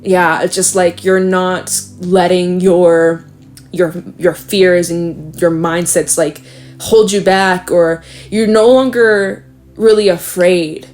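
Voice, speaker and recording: A young woman talks through a tarot reading in a loose, rambling way, full of fillers, laughing often and swearing casually. Her fairly low, darkish voice moves slowly with fairly even intonation, and faint music plays behind her.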